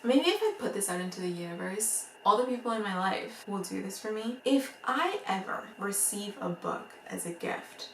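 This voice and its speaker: A woman with a noticeable accent chatting to camera about books she bought, excitable and rambling, laughing often. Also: mid-range voice, moderate pace, hardly any pauses, a little hiss or hum. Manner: rambling, full of "like" and restarts. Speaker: book vlogger. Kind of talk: casual chat to camera. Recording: roomy echo, mic at a distance.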